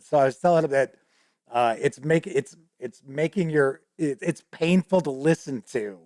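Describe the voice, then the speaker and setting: A man's voice: a little high, a little mellow, dry recording, clean studio sound. A man hosting a show, telling a rambling, casual story about running a tabletop game, often laughing and swearing now and then. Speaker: host.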